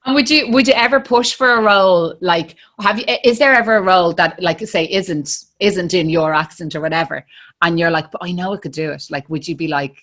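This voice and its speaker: A woman in her thirties with an Irish accent hosts a podcast in a loose, rambling chat. Her voice sits fairly low, and she stumbles over restarts and fillers as she thinks aloud. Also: a little fast, a bit bright. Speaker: podcast host. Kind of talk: casual interview chat.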